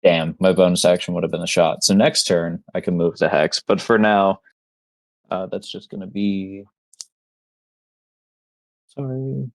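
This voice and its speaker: A man's voice: sits low, fairly even intonation, unhurried, vocal fry, long pauses, no echo. A man playing in a tabletop game, casually describing his character's attacks and swearing freely. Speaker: player.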